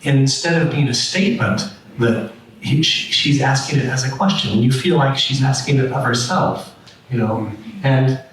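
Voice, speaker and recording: A man's voice: mid-range voice, normal speed, fairly bright tone. A man hosting a panel discussion, rambling and restarting his sentences often. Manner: rambling, many restarts and fillers. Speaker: artistic director hosting a panel. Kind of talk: roundtable discussion. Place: large room at a public panel. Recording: echoey room, mic far off, faint noise.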